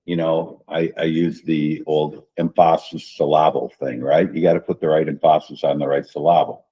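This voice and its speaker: Deep, husky male administrator, folksy board-meeting delivery, lo-fi room audio. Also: flat delivery, moderate pace, dark tone. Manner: folksy, repeats phrases, says "right?" often. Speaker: school district administrator. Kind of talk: school board workshop remarks.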